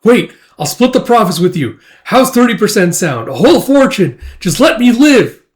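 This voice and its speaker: A man's voice: high-pitched, big pitch swings, normal speed, voice pushed up. A man voicing a greedy, cowardly ship captain who pleads in a strained, raised voice. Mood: pleading.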